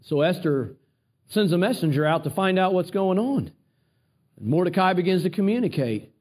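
A man preaching a sermon, retelling a Bible story with animated asides and repeated words. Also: high voice, moderate pace, breathy edge.

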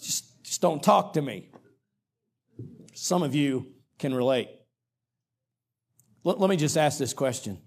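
A middle-aged male pastor preaching a sermon in a folksy, humorous way, with dramatic pauses. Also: a little high, animated, gravelly, husky.

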